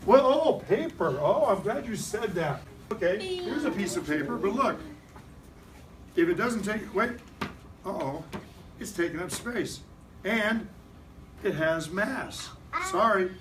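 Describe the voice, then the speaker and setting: A man's voice: high-pitched, big pitch swings, measured pace, pauses often. A man teaching young children science in a classroom, playful and coaxing, leading call-and-response chants. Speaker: science teacher visiting a first grade class. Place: school classroom. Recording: distant mic, noisy classroom.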